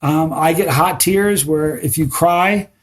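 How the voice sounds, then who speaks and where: Speaking slowly in a slightly high voice, a middle-aged podcast guest chats casually and tells animated stories. When he gets going, he tends to trip over repeated words.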